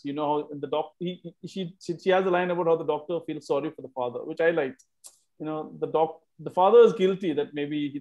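A man's voice: on the high side, a little mellow, highs cut off. A man hosting a casual book club discussion, chatty, repeating words while he thinks.

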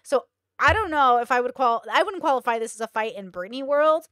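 A young woman hosting a reaction stream, talking in a chatty, animated way. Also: sits high, a little fast, clear, resonant tone, dry recording, studio quality. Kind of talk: casual reaction commentary.

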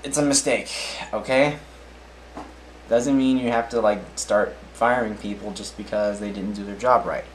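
A man's voice: lowish voice, fairly even intonation, normal speed, slight background noise, rough recording. A man casually reading odd news stories aloud, often tripping over names, then adding his own offhand comments.

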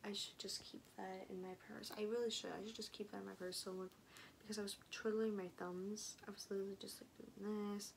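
A woman's voice: medium pitch, flat delivery, a little fast, gravelly, poor audio. Young woman vlogging casually, chatty and rambly, lots of whispery bits, faint hiss behind. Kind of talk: casual video diary chat.

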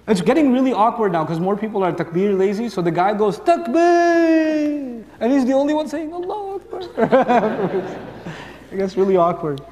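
A man's voice: high-pitched, fast talker, few pauses, slight background noise. Guy preaching to a crowd, acts out little back-and-forths, lots of echo in the hall. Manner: animated, acts out dialogues for the audience. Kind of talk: sermon. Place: large hall with long reverb. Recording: echoing hall reverb.

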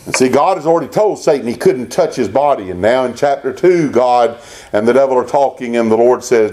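A pastor preaching a Baptist sermon, rising into emphatic bursts and reading scripture aloud. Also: male voice, mid-range voice, a little fast, dark tone.

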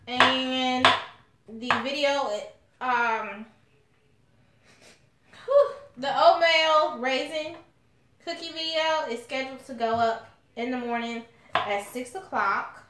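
This cooking channel host's voice sits high and a bit bright. Streaming live and casually from her kitchen at home, she talks with her audience and calls them honey and y'all, while the room echoes and faint noise hums underneath.

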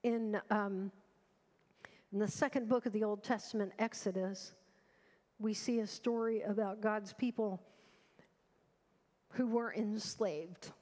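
A woman's voice: mid-range voice, fairly even intonation, takes it slowly, long pauses, darkish tone. A woman pastor preaching a sermon with earnest urgency, asking the congregation rhetorical questions. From United States. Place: large church sanctuary. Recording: long reverb of a church hall.

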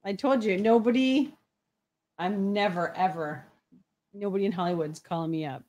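A woman in her thirties co-hosting a relaxed livestream chat. She reads viewer comments aloud and giggles often. Her voice sits at an ordinary middle pitch, and her talk is loose and teasing. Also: moderate pace. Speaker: livestream co-host reading chat. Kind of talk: casual chat.

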